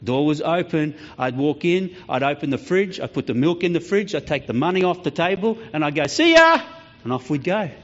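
The man's voice is fairly high and a little fast, with few pauses, as he preaches. A lively pastor, he narrates stories and acts out voices along the way, captured in slightly dull lo-fi audio.

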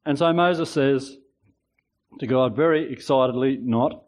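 A man in his sixties preaching a sermon in a relaxed, conversational way, chuckling at his own asides. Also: medium pitch, unhurried, poor audio.

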